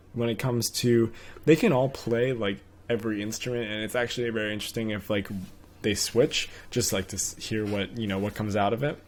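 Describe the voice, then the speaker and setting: A man's voice: on the low side, darkish tone. A young man co-hosting a podcast in casual chat, talking hesitantly with many restarts and laughing easily. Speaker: podcast co-host.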